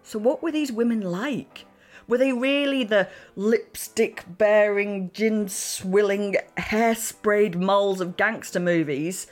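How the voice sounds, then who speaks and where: A woman hosting a history podcast, telling the story in a playful, animated way. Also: mid-range voice, slow pace, faint music behind. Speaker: podcast host. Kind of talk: chatty podcast narration.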